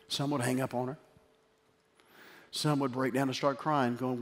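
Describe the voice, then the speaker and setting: A middle-aged man preaching a sermon as pastor, shifting from emphatic exhortation to quiet, tender storytelling. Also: medium pitch, level tone, moderate pace, long pauses. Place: church sanctuary. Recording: hall reverb with faint music.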